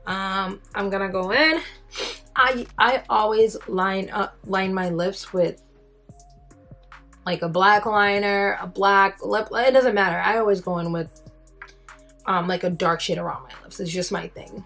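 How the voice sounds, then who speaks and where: A chatty woman talks through her makeup routine in a loose, rambling way. Her voice sits in an ordinary middle pitch, and faint music plays behind her. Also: steady tone, measured pace, fairly bright tone. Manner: chatty, rambling, with fillers and self-deprecating asides. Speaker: beauty vlogger. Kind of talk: casual makeup tutorial chat.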